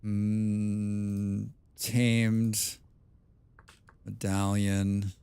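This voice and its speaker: A man live-streaming a game, chatting with his viewers in a loud, excitable and passionate way. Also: fairly low pitch, very slow, clear, resonant tone, no room sound. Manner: loud and excitable, calls himself a passionate speaker.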